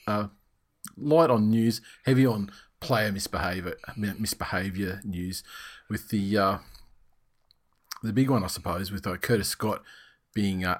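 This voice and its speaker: A man hosting a casual sports podcast, rambling, swearing and laughing often. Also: lowish voice. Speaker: podcast host.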